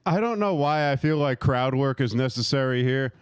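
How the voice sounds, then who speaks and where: A man's voice: mid-range voice, lively intonation, normal speed, smooth, dry recording. A man in his thirties doing a profane, rambling stand-up set, laughing at his own jokes and working the crowd. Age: 30s. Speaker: stand-up comic.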